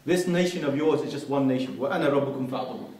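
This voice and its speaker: A man's voice: mid-range voice, fast talker, darkish tone. A man giving an earnest mosque lecture, telling a story and reciting Arabic quotations. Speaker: preacher. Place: large mosque hall. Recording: very echoey hall, speaker far from mic.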